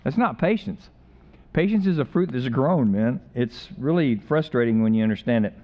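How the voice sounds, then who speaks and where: A man's voice: medium pitch, expressive, moderate pace, lo-fi sound. A man preaching a sermon in a conversational way, with jokes and repeated phrases. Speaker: pastor.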